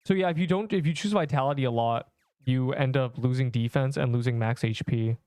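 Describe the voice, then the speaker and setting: A young man streaming a game, chatting loosely and reading viewer messages aloud between rambling thoughts. His voice sits at an ordinary male pitch and comes through smooth and clear. The sound is close and dry, with no room around it. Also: fairly quick, a little mellow, no echo. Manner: rambling, filler-heavy, reads chat aloud. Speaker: livestreamer. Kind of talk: casual livestream chat while gaming.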